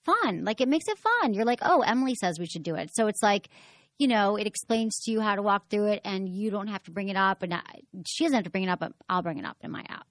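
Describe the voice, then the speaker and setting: A woman's voice: medium pitch, animated, fast, dry recording. A woman hosting a sex advice podcast in casual, frank chat. She is chatty and often acts out the voices of the people she quotes.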